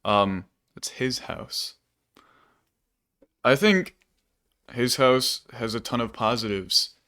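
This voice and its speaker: A man's voice: mid-range voice, slow, pushed and bright. A man co-hosting a casual movie review podcast, rambling through plot details with many fillers. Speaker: podcast co-host.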